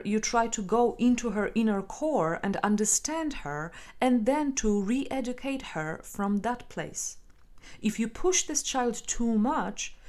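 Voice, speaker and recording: A woman narrating a self-help text in a calm, measured and gently instructive way. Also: a little high. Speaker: audiobook narrator.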